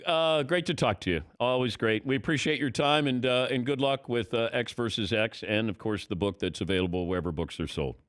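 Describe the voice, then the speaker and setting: A man's voice: mid-range voice, fairly quick, few pauses, a bit bright, clear, resonant tone. A man hosting a sports talk show, bantering casually and laughing with guests in the studio.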